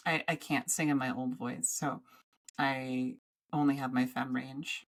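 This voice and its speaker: A woman with a low-pitched voice co-hosts a casual podcast. She rambles, stops and restarts her sentences, and talks into a studio microphone. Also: fairly even intonation. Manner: rambling, halting, with many restarts. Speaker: podcast co-host.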